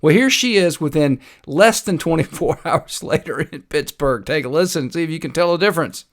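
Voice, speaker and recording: A man's voice: a little high, expressive, a little fast. A man with a North Carolina Piedmont Southern accent hosting a livestreamed political commentary show, talking casually with frequent filler words. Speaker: host.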